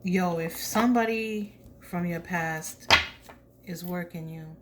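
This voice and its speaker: A woman's voice: fairly low pitch, slow, very noisy. A woman giving a casual tarot reading, blunt and chatty, with slang asides. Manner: drops to a soft whisper when asking spirit. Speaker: tarot reader.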